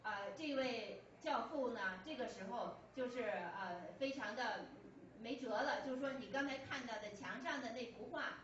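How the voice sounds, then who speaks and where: A woman interprets a preacher line by line, often pausing with fillers and restarting words. Her voice sits fairly high and comes from far off in a booming church hall. The recording is dull, with a faint steady hum. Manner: hesitant, frequent fillers and restarts. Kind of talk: consecutive sermon interpretation.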